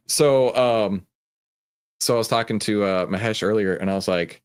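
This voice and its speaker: A man with a Texan accent hosts a live stream, his voice lowish and unhurried with long pauses. He's laid-back and jokey, chatting casually and greeting viewers by name.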